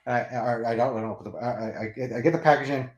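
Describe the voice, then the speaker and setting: A man hosting a comics channel, telling a long story in a casual, animated and rambling way with restarts and laughs. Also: mid-range voice, racing. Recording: roomy echo.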